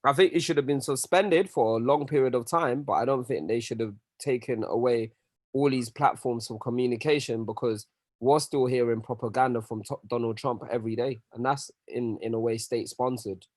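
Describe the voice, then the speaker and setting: A man's voice: mid-range voice, a little fast, a little mellow, no echo. A man talks through his view in a casual podcast chat. His voice sits in the middle range and sounds close and dry, with no room around it. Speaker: podcast co-host.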